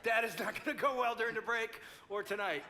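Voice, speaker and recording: A man's voice: high voice, fast, bright, forceful tone. An older man in his sixties, a pastor speaking at a couples conference, telling a story animatedly and acting out both sides.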